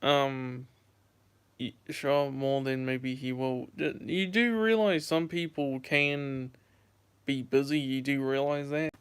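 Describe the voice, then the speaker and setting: A man's voice: medium pitch, steady tone, takes it slowly, smooth. A young man in his late teens from the United States, chatting casually on a phone livestream, rambling and repeating himself as he answers chat. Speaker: YouTuber livestreaming. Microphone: handheld phone.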